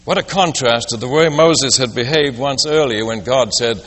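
A man's voice: mid-range voice, normal speed, hardly any pauses, fairly bright tone. A man preaching a sermon, telling a story and posing rhetorical questions. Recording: long reverb of a large hall.

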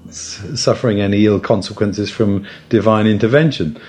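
A man's voice: lowish voice, moderate pace, darkish tone, husky. A man taking part in a Bible study discussion, speaking hesitantly with many fillers and restarts. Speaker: discussion participant.

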